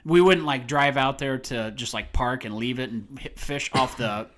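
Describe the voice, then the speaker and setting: A man co-hosting a movie podcast in casual chat, animated, laughing often and slipping into high voices to act out quotes. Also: moderate pace. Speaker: podcast co-host.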